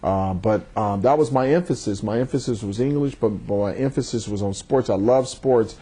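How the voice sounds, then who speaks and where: Measured, mellow-voiced man recalling his past. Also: lowish voice, slightly rough. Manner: measured, thoughtful, repeats words when starting a thought. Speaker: judge, interview guest. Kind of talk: reflective interview answers.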